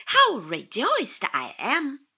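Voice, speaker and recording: A woman's voice: high voice, huge pitch swings, normal speed, sharp tone, muffled recording, exaggerated voice. A woman reading a friendly, exclaiming young man. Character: warm young man, the storyteller's younger self.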